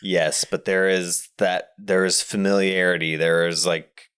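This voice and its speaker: A man's voice: deep voice, level tone, a little slow, a bit bright, smooth. A man co-hosting a podcast, discussing a film in a thoughtful way and searching aloud for his words. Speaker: podcast co-host. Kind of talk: casual movie discussion.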